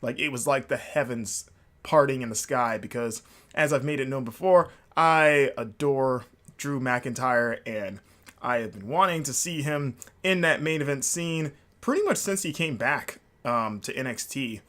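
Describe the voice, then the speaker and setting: A man's voice: mid-range voice, animated, a little slow, a bit bright. A man hosting a casual solo podcast, rambling and enthusiastic, with lots of fillers and restarts. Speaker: podcast host.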